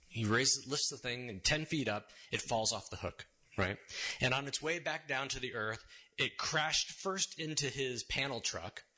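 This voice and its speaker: Man, church sermon, casual storytelling, wry asides, bright forward voice. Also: mid-range voice. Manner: casual, wry, checks in with "right?". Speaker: sermon speaker. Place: church sanctuary.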